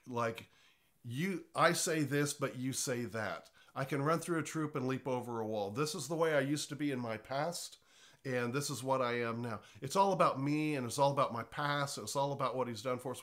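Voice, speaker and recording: A man's voice: medium pitch, a bit bright. Man teaching, slightly congested voice. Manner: conversational, earnest, often restarts words. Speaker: pastor teaching on worship. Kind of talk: informal teaching talk.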